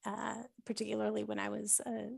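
A woman's voice: mid-range voice, completely flat delivery, a little fast, gravelly, darkish tone, breathy edge, no echo, clean studio sound. A woman in her forties, from Canada, telling stories on a podcast in a chatty way with many fillers and frequent laughs. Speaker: podcast host being interviewed. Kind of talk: casual storytelling chat.

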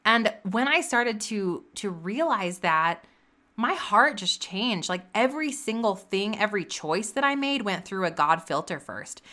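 Earnest woman with a bright voice. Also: medium pitch, expressive, unhurried. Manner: earnest, emphatic repetition of phrases. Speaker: podcast host. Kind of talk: faith-based motivational talk.

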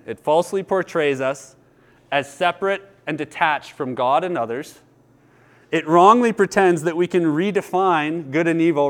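A man in his thirties preaching a sermon, earnest and telling personal stories with laughter. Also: on the high side. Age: 30s. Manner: earnest, storytelling, lively with laughter. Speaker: pastor.

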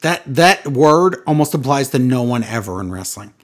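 A man's voice: medium pitch, big pitch swings, normal speed. Sarcastic podcast guy ranting, voice jumps all over the place. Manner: sarcastic, rants and mimics wrestlers. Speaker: podcast co-host. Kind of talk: casual podcast chat.

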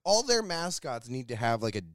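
A man's voice: mid-range voice, big pitch swings, normal speed, a bit bright, dry recording, clean studio sound. A young man co-hosting a comedy podcast, joking loosely, swearing, and dropping into silly impressions. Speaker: podcast co-host. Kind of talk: casual comedic chat.

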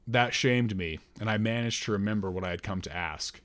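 A man reading a first-person story aloud in a measured, deliberate narrating voice. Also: on the low side, a bit bright. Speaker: audiobook narrator.

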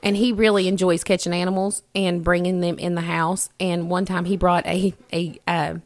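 A woman's voice: lowish voice, moderate pace. A woman co-hosting a podcast, telling a story in casual chat with frequent laughter. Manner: animated storyteller, laughs often. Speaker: podcast co-host. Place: rural home.

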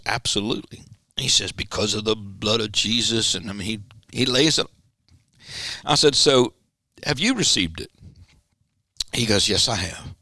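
Gravelly low-voiced pastor telling a story. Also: male voice, sharp tone, dry recording, clean studio sound. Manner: acts out quoted dialogue with sudden jumps in pitch. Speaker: pastor, guest. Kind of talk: storytelling in a podcast interview. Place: church studio.

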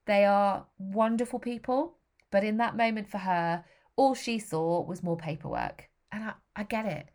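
A woman in her thirties speaking straight to camera about her own experience. Her pitch sits in a middling range, and her delivery is candid, heartfelt and unfiltered, with blunt swearing now and then. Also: moderate pace, darkish tone. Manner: frank and emotional, with blunt swearing. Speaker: vlogger. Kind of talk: candid personal storytelling.

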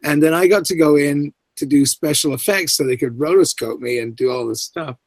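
A middle-aged man telling a story from a film set, his voice sitting a bit high for a man. He lively acts out the people he quotes with big jumps in pitch. The sound is dry and close, with almost no room around it. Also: a little fast, no echo. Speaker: actor, interview guest. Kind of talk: anecdotal storytelling.

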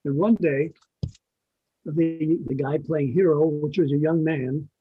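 A man's voice: fairly high pitch, fairly even intonation, takes it slowly, slightly rough, no echo. An older man, a guest on an interview show, telling backstage stories in a rambling, casual way with restarts. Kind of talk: casual anecdotal storytelling. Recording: dull lo-fi sound.

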